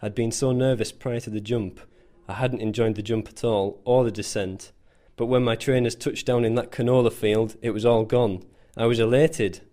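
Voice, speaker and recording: A man's voice: medium pitch, steady tone, moderate pace, few pauses, dark tone. A man narrating a scripted first-person story in a dry, self-mocking way. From England. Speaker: volunteer soldier.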